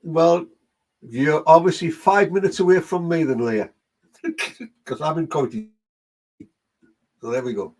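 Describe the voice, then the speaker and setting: A man's voice: on the high side, animated, measured pace, pauses often, darkish tone. A man with a Geordie accent, working as a medium and chatting through a live online reading session while greeting viewers by name.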